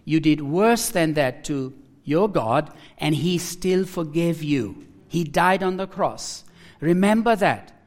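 A man voicing his gentle, devout foster mother, speaking in a calm, earnest and pleading way. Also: on the high side, takes it slowly. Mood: gently urging.

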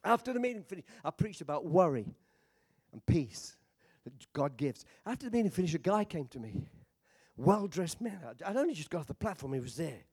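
A man preaching a sermon as a visiting preacher, impassioned, swinging between shouting and quiet storytelling, with joking asides. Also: fairly high pitch, very animated, a little fast, breathy edge.

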